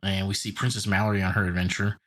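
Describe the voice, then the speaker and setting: A podcast co-host with a low, fairly bright voice talks fast in a flat delivery. He recaps a cartoon episode casually, rambling loosely with lots of filler words.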